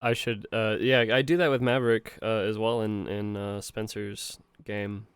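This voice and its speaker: A man chatting on a podcast, halting and stumbling over words. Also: lowish voice, steady tone, slight background noise. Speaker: podcast cast member. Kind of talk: casual podcast chat.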